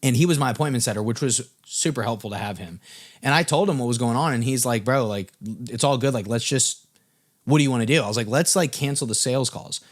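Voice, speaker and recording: A man's voice: mid-range voice, quick pace. A young man, a music business coach, tells a personal story to camera in a casual way, full of fillers and swearing.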